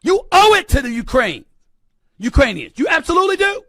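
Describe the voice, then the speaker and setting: A man argues his point on air in a very high, bright voice. He is preachy and emphatic, pushing up to shouts, and the clip sounds dry and close. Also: huge pitch swings, a little fast, dry recording. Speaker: sports commentator. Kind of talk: impassioned televised commentary.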